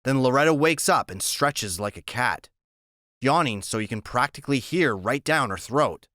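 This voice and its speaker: A man's voice: medium pitch, moderate pace, no room sound. Man narrating an audiobook, dry sound. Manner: steady, plain storytelling. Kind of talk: first-person audiobook narration.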